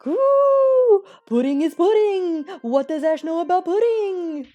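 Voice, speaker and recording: A woman voicing a pompous pigeon who thinks he is the god of pudding, squawking and shouting bombastic proclamations. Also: expressive, slow pace, lo-fi sound, exaggerated voice. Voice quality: shrill cooing squawks.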